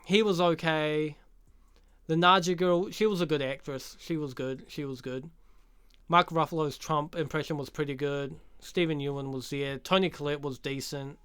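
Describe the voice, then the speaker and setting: Guy, sardonic profane reviewer, smooth voice, dry close sound. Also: on the high side, fairly even intonation, moderate pace, fairly bright tone, no room sound. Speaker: movie reviewer. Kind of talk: casual movie review rant.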